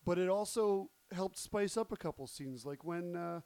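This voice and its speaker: A man's voice: high-pitched, normal speed, darkish tone, smooth, dry recording. Wry young man, dry close mic. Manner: wry, joking, laughs often. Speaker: podcast co-host. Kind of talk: casual chat.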